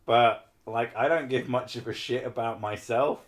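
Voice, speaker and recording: A man's voice: mid-range voice, steady tone, moderate pace. A man hosting a live stream, chatting casually and rambling through self-mocking asides.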